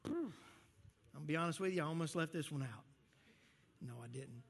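A pastor with a fairly high, slightly creaky and breathy voice preaches a sermon to his congregation, speaking a little fast. His delivery is lively and conversational, and he often restarts his sentences. A long reverb from the big church hall rings around his words.

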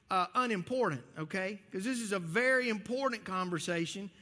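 Texas preacher guy, kinda high voice, chatty folksy sermon w lots of restarts, echoey church hall. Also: pushed and bright. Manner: folksy storytelling with many restarts. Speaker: pastor.

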